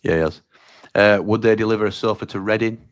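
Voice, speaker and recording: A man co-hosting a live football stream in a relaxed, chatty way, reading viewer comments aloud and answering them. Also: on the low side, fast talker, no echo. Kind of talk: casual live-stream chat.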